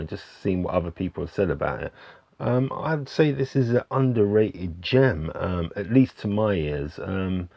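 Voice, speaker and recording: Very deep-voiced man reviewing records. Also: creaky, a little mellow, dry recording. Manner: hesitant, many ums and restarts, easygoing. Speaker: vinyl album reviewer, channel host. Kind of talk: casual album review to camera.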